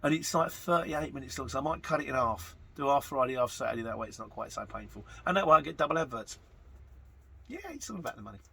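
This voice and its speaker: A man's voice: mid-range voice, fast talker, creaky, few pauses, fairly bright tone, breathy edge. A middle-aged man, chatting casually as he reads out viewer questions and jokes at his own expense. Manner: chatty and self-mocking, reads comments aloud. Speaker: vlogger reading viewer questions. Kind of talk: casual chat.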